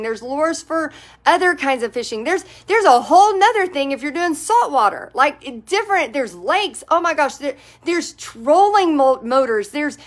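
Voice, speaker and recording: A woman's voice: high voice, fairly bright tone. A woman who teaches painting, hosting a live stream and talking casually to viewers in a chatty, encouraging manner.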